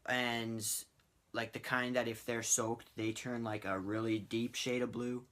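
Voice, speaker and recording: A teenage boy telling a story in a casual vlog, rambling and animated, with lots of fillers. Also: medium pitch, unhurried. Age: teens. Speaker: vlogger.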